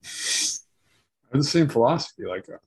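A man's voice: mid-range voice, lively intonation, a little slow. A man co-hosting a casual chat, hesitant and full of "like" and restarts.

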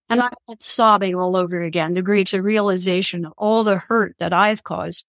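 A woman's voice: medium pitch, fairly even intonation, moderate pace, hardly any pauses, a bit bright, dry recording. Earnest woman sharing spiritual stories. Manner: earnest, reflective, spiritual storytelling. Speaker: guest, author and columnist. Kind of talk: podcast interview, personal storytelling.

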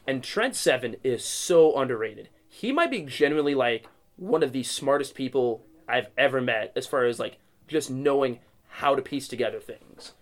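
Man guest, casual interview, loose rambling delivery full of fillers, mid-pitched. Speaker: guest, wrestler.

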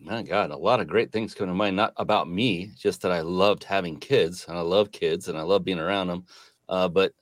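Middle-aged male guest, low-pitched, thoughtful and earnest, dry close mic. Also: moderate pace, no echo. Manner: reflective, earnest, with hesitations. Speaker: podcast guest. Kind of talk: casual interview conversation.

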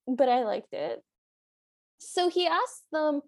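A woman with a notably high voice retells a film's plot on a podcast. She is amused and giggly, chatting casually with her co-host. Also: lively intonation, slow. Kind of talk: casual chat recapping a film.

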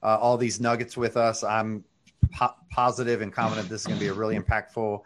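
A man's voice: on the low side, little pitch movement, brisk, a little hiss or hum. A man hosting an interview, wrapping up with effusive, appreciative thanks to his guest. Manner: warmly appreciative, wordy thanks. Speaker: podcast host. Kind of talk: interview wrap-up.

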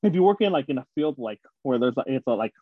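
A man's voice: mid-range voice, fast, dry recording. Man rambling on a dry, dull recording. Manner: filler-heavy, rambling, animated storyteller. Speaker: podcast co-host. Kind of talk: casual chat.

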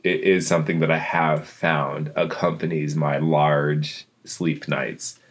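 A man's voice: extremely low pitch, level tone, slow. A man chatting casually as a podcast co-host, rambling through a story with lots of fillers. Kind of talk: casual chat.

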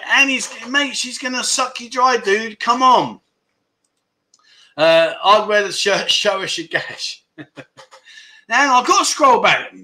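A man's voice: high-pitched, pushed and bright. A middle-aged man hosting a casual livestream chat show, joking, teasing viewers and reading out their comments. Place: home in Pattaya.

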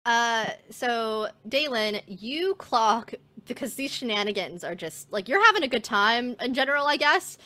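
A woman's voice: on the high side, animated, unhurried, few pauses, pushed and bright. A woman narrating as game master of a tabletop game, chatty and full of fillers. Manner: chatty, filler-heavy, laughs easily.

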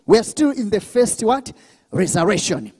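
A male pastor preaching a sermon at a church service, drawing call-and-response from the congregation, with bursts of shouting and speaking in tongues. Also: sits high, big pitch swings, normal speed, husky, long reverb tail.

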